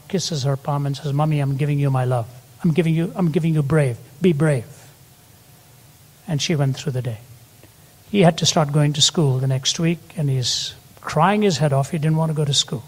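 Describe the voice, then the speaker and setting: A man's voice: a little high, darkish tone. An older man preaching a sermon, telling stories and rising to emphatic peaks. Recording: long hall reverb.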